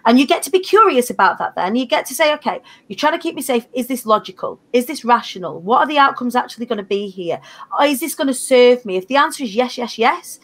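A woman's voice: fairly high pitch, lively intonation, fast talker, fairly bright tone. A woman, a guest on a panel, talking earnestly and expressively, with blunt slang. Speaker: panel guest, foundation founder. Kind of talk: motivational panel talk.

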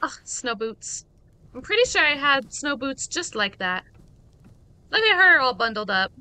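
A woman streamer giving playful, chatty let's-play commentary and reacting to the game out loud. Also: sits high, big pitch swings, a little slow, smooth.

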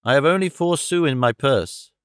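A man's voice: mid-range voice, expressive, normal speed, a bit bright, clean tone, no room sound, studio quality, natural voice. A man reading a kindly old woman. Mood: concerned.

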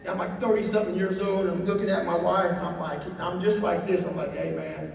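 Brief: high-voiced man, profane and animated storyteller on stage, distant mic, booming hall echo. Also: quick pace, vocal fry. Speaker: speaker. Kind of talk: live storytelling talk. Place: large hall before an audience. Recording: echoey hall from far off, faint noise.

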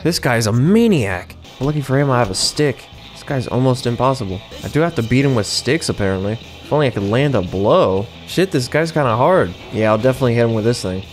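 A man's voice: mid-range voice, expressive, quick pace, few pauses, faint music behind. A young man giving casual, sarcastic gameplay commentary, swearing freely and chuckling to himself.

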